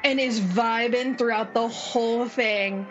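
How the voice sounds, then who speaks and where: A woman's voice: fairly high pitch, fairly even intonation, a little slow, muffled recording. A woman narrating as dungeon master, chatty and giggly, with lots of fillers. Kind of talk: narrating a tabletop game. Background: background music.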